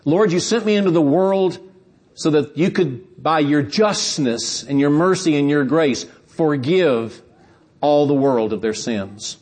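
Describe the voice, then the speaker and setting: A man's voice: on the high side, expressive, unhurried, darkish tone. A man preaching, voicing a dying man on a cross who speaks to God in earnest, rising tones. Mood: solemn.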